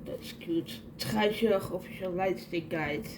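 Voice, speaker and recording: A young woman vlogging an unboxing at home, gushing excitedly as she talks. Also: fairly low pitch, slow, noisy background. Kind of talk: casual unboxing vlog.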